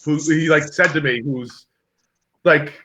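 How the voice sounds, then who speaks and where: A young man chatting over video spins a story, playing each character's voice with lively flair. He speaks slowly in a slightly high voice.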